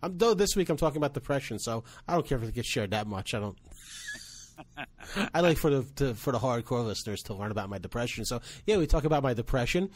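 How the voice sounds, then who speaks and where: A man co-hosting a casual podcast, with a mid-pitched, ordinary male voice. He jokes and teases in an easy, conversational way. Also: animated, fast. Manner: joking, teasing. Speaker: podcast co-host. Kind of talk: casual chat.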